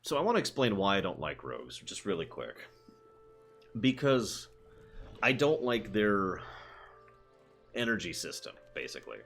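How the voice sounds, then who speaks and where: A man's voice: on the low side, very animated, normal speed, gravelly, pauses often, a bit bright, faint music behind. A man streaming a video game, chatting casually and answering his chat as he plays. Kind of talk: casual gameplay commentary.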